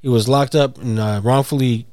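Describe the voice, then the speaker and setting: A man's voice: medium pitch, steady tone, normal speed, darkish tone, dry recording. Man in laid-back casual chat.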